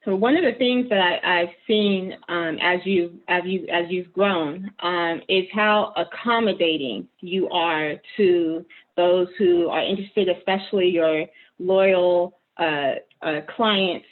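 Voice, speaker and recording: A woman hosting a community interview, asking her questions slowly with frequent "um"s. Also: on the low side, fairly even intonation. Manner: measured questions with many fillers. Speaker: host, interviewer. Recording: tinny phone-like line.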